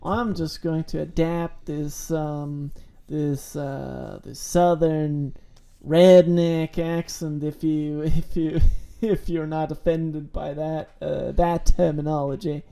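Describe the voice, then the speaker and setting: A man co-hosting a podcast in casual chat, halting and full of restarts. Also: on the high side, flat delivery, gravelly, warm tone, smooth. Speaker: podcast co-host.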